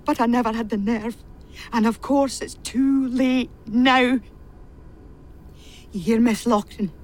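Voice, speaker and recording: A woman's voice: a little high, steady tone, slow pace, a little mellow. An actress playing a bitter, repressed woman who has served a family since childhood, pouring out a venomous confession in a radio play.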